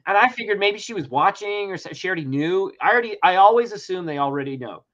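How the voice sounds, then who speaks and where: Middle-aged man, bright tense voice, animated storytelling, lots of swearing, dull lo-fi recording. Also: high-pitched, a little fast. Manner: animated, swears a lot, acts out dialogue. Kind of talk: casual storytelling chat. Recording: dull lo-fi sound.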